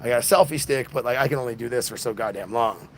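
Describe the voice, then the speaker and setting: A man's voice: mid-range voice, quick pace, slight background noise. An exhausted man hosting a casual livestream, rambling with lots of restarts, recorded on a phone. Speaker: livestream host.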